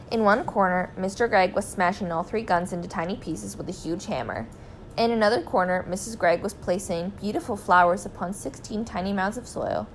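A woman reading a children's story aloud in a clear, expressive way. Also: mid-range voice, a little hiss or hum, low-quality recording.

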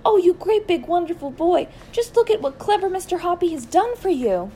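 Woman doing a squealy excited lady in a storybook, voice jumps way up high. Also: moderate pace, slight background noise. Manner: gushing, high and breathless. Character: excitable middle-aged woman, tortoise owner.

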